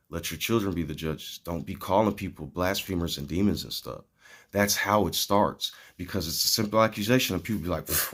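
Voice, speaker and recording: A man's voice: deep voice, a bit bright. A man speaking in an earnest, meandering spiritual monologue that moves from a cartoon retelling into preaching.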